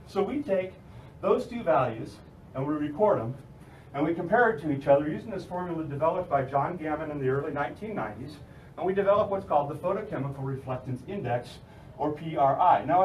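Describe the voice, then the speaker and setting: A man's voice: fairly high pitch, distant mic, a little hiss or hum. A young man presenting his graduate research in a lecture room, upbeat and laughing at himself. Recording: roomy room from afar.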